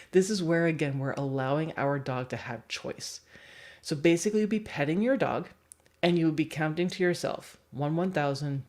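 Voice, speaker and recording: Low-voiced, chatty woman dog trainer. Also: darkish tone. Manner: chatty, laughs often. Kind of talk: livestream teaching talk.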